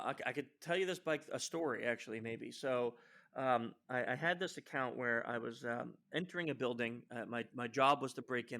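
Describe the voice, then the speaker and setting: Man telling a lively work story. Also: medium pitch, vocal fry. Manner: animated storyteller who acts out quoted lines; frequent fillers and restarts. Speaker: guest social engineer. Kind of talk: storytelling in a podcast interview.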